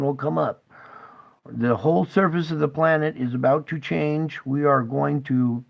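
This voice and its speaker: A man's voice: fairly high pitch, gravelly, poor audio. A man hosting his own channel, speaking urgently and emotionally straight to his viewers, tearful at times. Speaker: channel host.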